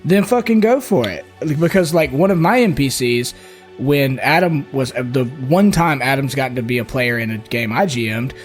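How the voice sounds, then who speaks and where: A man's voice: mid-range voice, moderate pace, faint music behind. A middle-aged man from the US South, co-hosting a tabletop podcast in loose, profane casual chat. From Mississippi, US South. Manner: loose and profane, full of "like" and "you know". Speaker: podcast co-host, game master.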